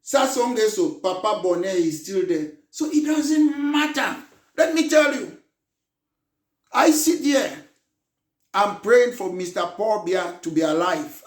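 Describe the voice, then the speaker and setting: A man giving an impassioned, emphatic political address as a party leader, now and then rising to a shout. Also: sits high, expressive, unhurried, recorded from a distance. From Cameroon. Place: room in London. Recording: echoey room, voice off the mic.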